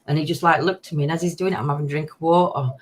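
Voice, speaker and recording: A woman's voice: deep voice, fairly even intonation, racing, slight background noise. Woman hosting late-night chat; giddy, giggly, rambling anecdotes. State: sugar-hyper and giddy. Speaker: livestream host.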